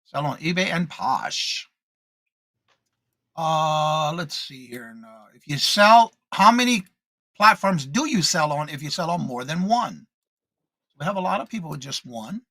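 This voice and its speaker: A man with a bright, slightly high voice co-hosts a morning live stream, reading out viewer comments and welcoming each person by name with an identical greeting. He is upbeat, casual and expressive at a measured pace, recorded close and dry with no room sound.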